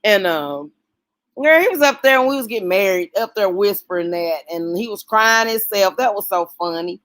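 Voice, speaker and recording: A woman hosting a casual late-night livestream, talking warmly and emotionally with her viewers. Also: medium pitch, animated, moderate pace, no echo. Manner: emotional, folksy, talks straight to chat.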